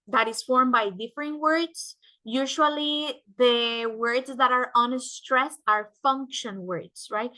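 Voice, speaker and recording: Bright-voiced woman teaching slowly. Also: on the high side. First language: Spanish. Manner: explains step by step, adds "right?" to check understanding. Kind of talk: classroom lecture.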